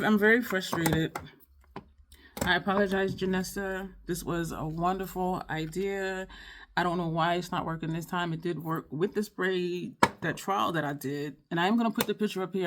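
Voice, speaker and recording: Frustrated rambling woman vlogger. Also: fairly low pitch. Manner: frustrated, rambling, apologetic, repeats herself; sighs often, many fillers and restarts. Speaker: beauty vlogger. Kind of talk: casual makeup tutorial chat.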